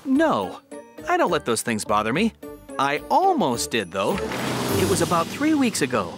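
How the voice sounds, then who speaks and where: Jon, a meek, flustered cartoon cat owner. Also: male voice, on the high side, huge pitch swings, normal speed. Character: nerdy, mild-mannered adult male cartoon cat owner. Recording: cartoon soundtrack with music.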